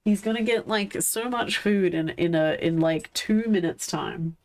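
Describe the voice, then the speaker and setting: Slow-talking woman streamer coaxing her pets. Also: fairly low pitch. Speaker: live streamer. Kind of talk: casual live-stream chat.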